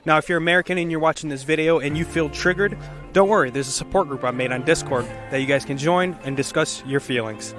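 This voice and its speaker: A man's voice: a little high, fast, over music. A man who runs street interviews, talking straight to his viewers in an upbeat way. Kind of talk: addressing the camera.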